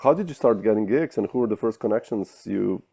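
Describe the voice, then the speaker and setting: A male interview host with a low, dark, gravelly voice. He asks his questions haltingly and restarts his sentences often. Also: lively intonation.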